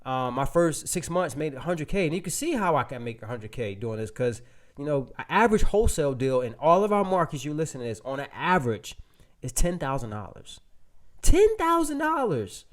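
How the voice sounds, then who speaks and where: A man presenting a real estate webinar, telling a casual, animated story full of restarts and fillers to his audience. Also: mid-range voice, a little fast.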